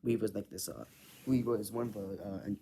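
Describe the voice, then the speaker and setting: A man's voice: lowish voice, fairly quick, creaky, warm tone, a little hiss or hum. A man rambling through a personal story in casual chat, full of filler words and frequent swearing. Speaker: vlogger.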